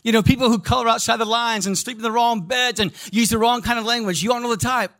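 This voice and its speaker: High-voiced animated preacher. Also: male voice, quick pace. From American Midwest. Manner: storytelling, animated, addresses congregation directly. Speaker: pastor. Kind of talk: sermon.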